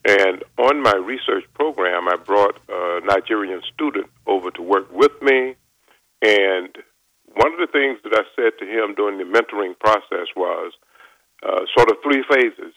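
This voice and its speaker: A man in his seventies from North Carolina, a chemist giving a measured, formal radio interview with frequent pauses. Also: lowish voice, fairly bright tone, dry recording, poor audio. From North Carolina, USA. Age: 70s. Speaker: guest chemist. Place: radio studio.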